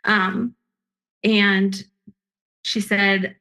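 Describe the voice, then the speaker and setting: A woman's voice: mid-range voice, level tone, drawn-out words, sharp tone, low-quality recording. A woman telling her own story as a guest, earnest and emphatic, often restarting her sentences. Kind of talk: personal storytelling.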